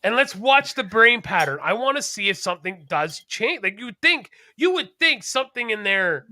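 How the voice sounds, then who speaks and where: A man co-hosting a podcast in casual chat, rambling, animated and profane. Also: high-pitched, moderate pace, no room sound, studio quality. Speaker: podcast co-host.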